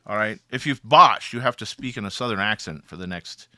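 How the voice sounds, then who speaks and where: A man's voice: fairly low pitch, brisk, sharp tone, dry recording, studio quality. A man narrating a tabletop role-playing game as its storyteller, in a rambling style that often breaks into laughs.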